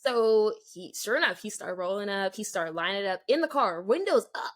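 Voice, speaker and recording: A woman's voice: mid-range voice, a little fast. A young adult woman co-hosting a podcast, telling a story in casual chat, acting out the dialogue and filling it with "like". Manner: animated, acts out quoted dialogue, many "like" fillers. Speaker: podcast co-host.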